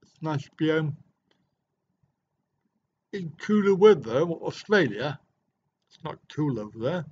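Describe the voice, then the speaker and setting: A man's voice: a little high, very animated, measured pace, long pauses, a little mellow, a little hiss or hum. A middle-aged man hosting a livestream from a hotel room, chatting casually and joking as he answers viewer comments. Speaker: livestream host. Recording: dull lo-fi livestream audio.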